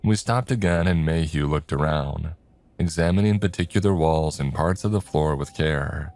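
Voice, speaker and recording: A man narrating a horror story in a steady, even storytelling manner. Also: extremely low pitch, normal speed, no room sound.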